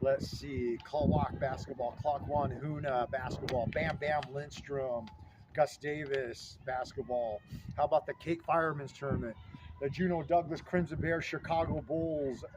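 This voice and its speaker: A man's voice: mid-range voice, steady tone, measured pace. A man in his fifties from Southeast Alaska, hosting a casual, nostalgic vlog and listing old names with rambling enthusiasm. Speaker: vlog host. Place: outdoors in front of a fieldhouse. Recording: loud outdoor traffic noise. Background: loud street and traffic noise.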